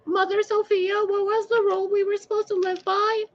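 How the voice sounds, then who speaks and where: A woman's voice: flat delivery, lo-fi sound. A woman putting on the voice of a dim, whiny person who keeps asking a goddess what the basic rules are. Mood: confused. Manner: high, baffled, slow-witted questioning.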